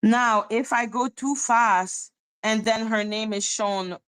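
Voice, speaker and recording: A woman's voice: fairly high pitch, takes it slowly, fairly bright tone, clean tone. A woman hosting a casual livestream, profane and taunting as she talks to her chat. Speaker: livestream host.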